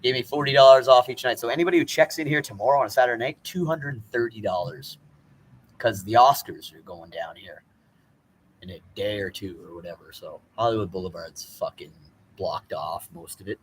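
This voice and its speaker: A man's voice: on the low side, fairly quick, slight background noise. A man live-streaming from a phone in a motel parking lot in light rain, talking in a rambling, profane, chatty way. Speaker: vlogger. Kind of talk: live-streamed walking vlog.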